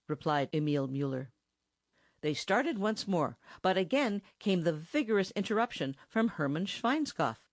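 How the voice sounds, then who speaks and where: A woman narrating an audiobook in an expressive, lively reading close to the mic. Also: low voice, normal speed, no room sound.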